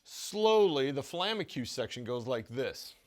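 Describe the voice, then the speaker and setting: A man giving a casual drum lesson, talking in a relaxed way with many stammered restarts and small chuckles. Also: mid-range voice, takes it slowly. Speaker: drum teacher.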